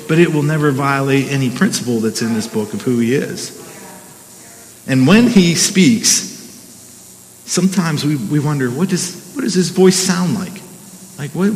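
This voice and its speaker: A middle-aged man preaches to his congregation in a casual, conversational way, often restarting his phrases and urging the room on. His voice sits a little high for a man, and it rings out through a big hall with a long reverb tail. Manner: conversational, with frequent restarts and "come on" asides. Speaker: pastor. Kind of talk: sermon.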